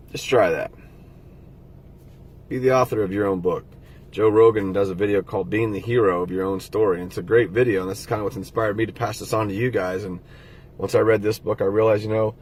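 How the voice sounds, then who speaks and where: A man's voice: lowish voice, darkish tone, breathy edge. A middle-aged man talking casually and earnestly to his viewers, giving heartfelt motivational advice. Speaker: motivational vlogger. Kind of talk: casual motivational talk to camera.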